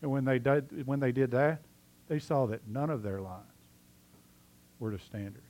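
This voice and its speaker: Speaking at medium pitch and a moderate pace, this pastor tells a story during his sermon, alternating between animated, loud stretches and hushed, sincere asides.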